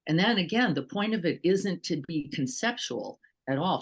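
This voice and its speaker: With a husky, fairly low-pitched voice at normal speed, a woman meditation teacher gives an informal dharma talk. Her style is animated, full of rhetorical questions and quotes she acts out.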